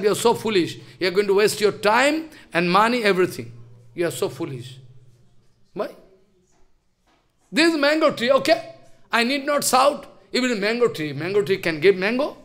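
A man's voice: very high voice, fairly bright tone. A man giving a sermon as a spiritual teacher, emphatic and scolding, firing off rhetorical questions.

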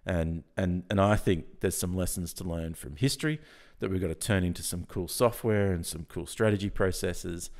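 Deep-voiced male podcast guest, croaky, energetic, prone to restarts. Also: normal speed, few pauses. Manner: energetic, restarts often, laughs easily. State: croaky from early morning. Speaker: guest, software founder. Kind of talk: casual podcast interview.

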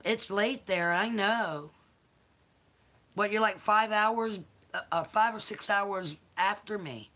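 Slow-talking Southern woman, bright voice. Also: mid-range voice. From American South. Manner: chatty, greets viewers by name, coos to her dogs. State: a little tired. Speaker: livestream host. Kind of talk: casual livestream chat with viewers.

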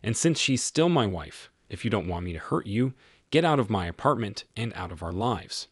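Man doing a stern betrayed husband, low, husky, lively delivery, dry sound. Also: normal speed, no echo. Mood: threatening.

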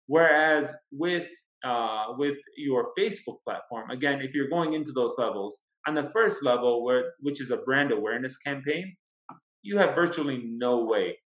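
A man talks through a topic step by step in a measured, thoughtful way, his voice sitting in a middle register. The recording is muffled and lo-fi, with a noticeable room echo around him. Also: mid-range voice, fairly bright tone. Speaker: guest, marketing expert. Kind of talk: casual interview. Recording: echoey, dull lo-fi sound.

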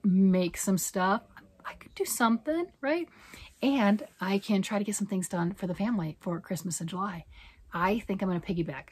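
A middle-aged woman with a fairly low, breathy-edged voice hosts a knitting and crochet vlog. She rambles casually, pokes fun at herself, and tosses out rhetorical questions.

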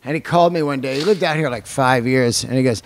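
A man's voice: mid-range voice, fast talker, a little hiss or hum. A man hosting a casual podcast chat in a recording studio, talking in a loose, profane, rambling storytelling way. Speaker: podcast host.

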